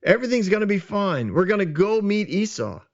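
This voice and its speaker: A man's voice: high voice, sing-song, brisk, dull audio, voice pushed up. A man voicing Jacob, an earnest patriarch reassuring his family, in a casual retelling.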